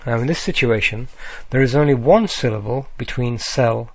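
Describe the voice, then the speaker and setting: A man's voice: medium pitch, dry recording. Guy lecturing off slides, lots of ums, dead dry recording. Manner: slow, deliberate with frequent ums and uhs.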